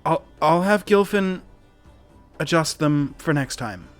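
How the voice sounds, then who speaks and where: A fussy male host of a fancy gathering, played by a man running a tabletop game, pitching his voice up as he anxiously begs guests to behave. Quiet music sits behind him. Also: expressive, takes it slowly. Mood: pleading. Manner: raised, pleading and anxious.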